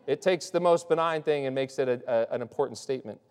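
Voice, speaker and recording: A man's voice: medium pitch, fast talker, darkish tone, smooth. Man preaching in a reverberant hall. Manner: loose, restarts often, asks "right?". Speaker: pastor. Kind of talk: conversational sermon.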